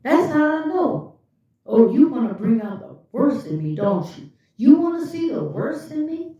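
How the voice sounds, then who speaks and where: A woman's voice: sits high, very animated, moderate pace, mellow, pitched above the performer's own voice. A woman voicing her jealous male partner, a narcissist who interrogates and accuses her. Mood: gloating. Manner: aggressive, interrogating. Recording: echoey room, far from the mic, dull lo-fi.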